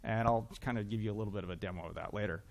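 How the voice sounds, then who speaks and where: A man's voice: lowish voice, very fast, vocal fry, a little mellow. A man giving a conference talk on stage, chatty and self-deprecating, with frequent uhs. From Canada. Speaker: conference speaker. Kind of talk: joking tech conference talk. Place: conference hall, live audience.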